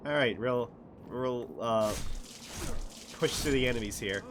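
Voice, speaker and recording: A man streaming a video game, giving casual commentary that is profane and excitable, with frequent laughter. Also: mid-range voice, measured pace, long pauses, slight background noise.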